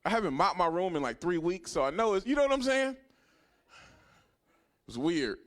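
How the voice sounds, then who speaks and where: A man in his thirties doing a stand-up comedy set, telling a profane story that swings from hushed asides to loud punchlines. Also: high voice, big pitch swings, normal speed. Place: comedy club stage.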